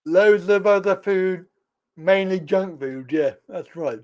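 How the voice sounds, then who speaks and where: A man's voice: sits high, slow pace. A man hosting a live chat show, telling jokey stories and laughing a lot. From England. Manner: jokey storyteller, animated voices and laughter. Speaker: host. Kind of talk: casual live-stream chat.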